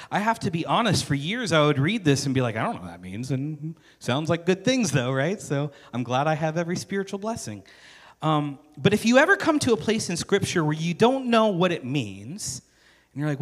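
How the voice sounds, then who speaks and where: A man's voice: high voice, a bit bright, long reverb tail. A male pastor preaching a sermon in an earnest, conversational way, building to emphatic repetition.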